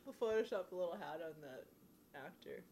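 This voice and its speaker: A woman co-hosting a casual podcast, playful and quick to giggle. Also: deep voice, animated, warm tone, a little hiss or hum. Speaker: podcast co-host. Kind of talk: casual joking chat.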